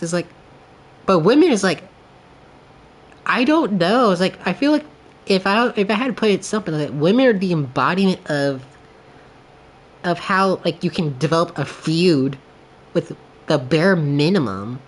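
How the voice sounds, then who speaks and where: A man's voice: sits high, moderate pace, pauses often. Rambling guy chatting on a livestream. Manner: rambling, filler-heavy, laughs often; animated storytelling with quoted voices. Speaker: streamer. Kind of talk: casual livestream chat.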